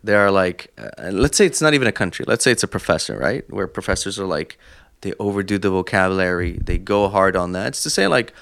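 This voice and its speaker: A man with a fairly low voice talks through his ideas on a podcast. He builds his points slowly with long examples, in a relaxed, conversational way. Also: creaky. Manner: thoughtful, explains at length with examples. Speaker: podcast co-host. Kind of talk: casual chat.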